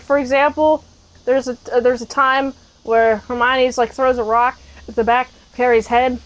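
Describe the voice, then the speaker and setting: A woman with a high, light voice chats her way through a movie recap. She is playful and jokey, drops in fillers, and slips into the characters for a line or two. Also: low-quality recording. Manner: chatty with frequent fillers. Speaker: movie reviewer.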